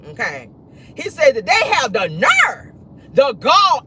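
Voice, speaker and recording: A host giving casual gossip commentary from a moving car, sassy and animated, laughing often. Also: high-pitched. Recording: noisy car interior, road noise.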